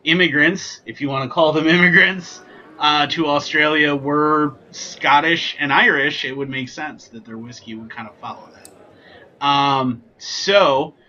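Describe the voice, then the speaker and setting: A man's voice: a little high, steady tone, unhurried, bright, forceful tone, highs cut off. A man hosting a casual whiskey tasting vlog, chatty and joking with lots of ums and asides. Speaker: whiskey reviewer, channel host.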